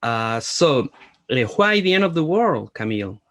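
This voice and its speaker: A man's voice: mid-range voice, very animated, moderate pace, a bit bright. Latin american guy, spanish speaker, interviewing over a video call, careful hesitant english. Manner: hesitant, apologetic about his English. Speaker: journalist interviewer.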